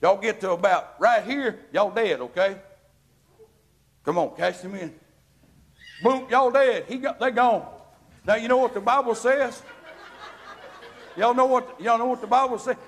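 Preacher guy, super high voice, folksy, hollers at the congregation. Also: unhurried, pauses often. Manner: folksy, calls out to the congregation, builds to shouting. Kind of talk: evangelical sermon.

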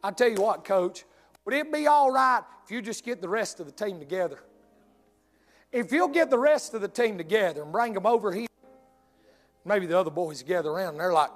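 Male preacher, high-pitched, animated folksy storyteller; faint music bed. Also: a little fast. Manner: folksy, animated, drawling delivery with dialect. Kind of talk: humorous storytelling sermon.

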